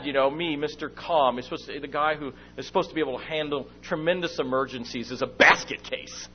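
A man's voice: a little high, a little fast, few pauses, husky. A middle-aged man preaching and telling a family story, acting out moments as he goes. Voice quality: lively storyteller, acts out his own shouting and whispering. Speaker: speaker at a church meeting. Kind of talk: sermon with personal stories. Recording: dull lo-fi recording with faint hum.

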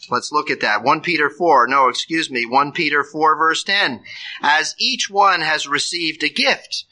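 A man's voice: medium pitch, pushed and bright, poor audio. A man preaching a sermon in an earnest, emphatic way, rising sharply on key phrases.

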